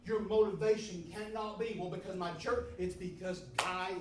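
A high-pitched man preaches fervently at a steady, moderate pace, echoing phrases in call-and-response fashion. It's captured in a church sanctuary with a distant mic in a roomy hall, background noise audible.

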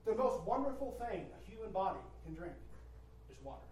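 A man's voice: high voice, sing-song, a little fast, a little mellow, slight background noise. A male preacher giving an emphatic sermon, swelling and dropping his voice and repeating phrases for effect. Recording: roomy hall from a distant mic, faint ambience.

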